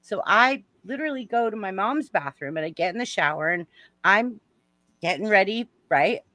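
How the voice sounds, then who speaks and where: A woman's voice: medium pitch, moderate pace, no room sound. A woman telling a personal story on a casual livestream, acting out the voices and shrieking and laughing at the big moments. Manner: animated, acts out voices, shrieks and laughs while telling stories.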